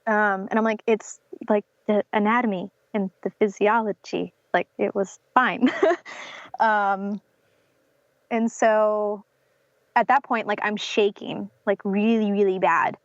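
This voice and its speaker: A woman's voice: medium pitch, steady tone, takes it slowly, dry recording. Young woman telling her story, dull dry sound. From North Carolina. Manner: many fillers like "um" and "like", acts out quotes of others. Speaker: podcast guest. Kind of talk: telling a personal birth story in an interview. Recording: slightly dull lo-fi podcast audio.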